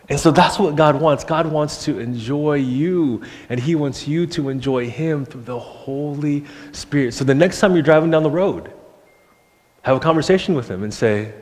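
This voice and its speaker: A young man, a pastor, giving an animated sermon in a church and acting out the voices he quotes. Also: fairly high pitch, moderate pace. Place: church sanctuary. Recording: long church hall reverb.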